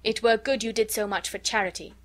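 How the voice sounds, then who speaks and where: A woman reading the lines of a young woman posing as a wise counsellor, grave and measured, in a storybook. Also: fairly high pitch, steady tone, a bit bright, lightly acted.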